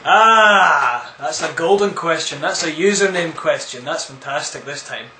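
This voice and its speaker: A man rambles through viewer questions in a casual vlog, tossing out crude, absurd jokes. His voice sits a little high for a man. The room gives it a noticeable echo, with a faint hiss underneath. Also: normal speed, a bit bright. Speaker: vlogger answering viewer questions. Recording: echoey room.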